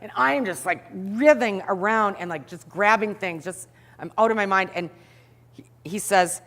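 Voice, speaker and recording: A middle-aged woman telling a story to an audience in an animated way, acting out the scenes. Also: medium pitch, moderate pace, big-room sound. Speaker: speaker.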